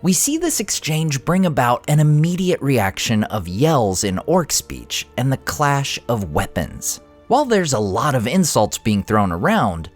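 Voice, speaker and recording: A man hosting a fantasy lore channel, giving expressive scripted narration. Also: mid-range voice.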